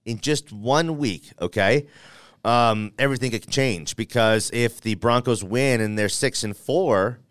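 A man hosting a casual sports talk show, debating playoff chances in an animated, playful way and thinking out loud. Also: medium pitch, measured pace, no echo, studio quality.

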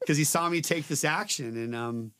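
A man telling a personal story in casual conversation, frank and profane, with dark humor. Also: on the high side, normal speed, clean tone, no echo.

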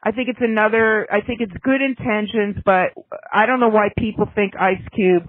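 A woman co-hosting a podcast in casual chat, opinionated and snarky, talking in quick bursts. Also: mid-range voice, fairly even intonation, no echo. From United States. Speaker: podcast co-host. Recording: tinny phone-like line.

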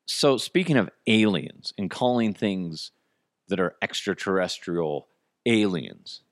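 A man hosting a comedy podcast, rambling through stories with quick asides. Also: sits low, lively intonation, no room sound, clean studio sound. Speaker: podcast host. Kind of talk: casual comedic chat.

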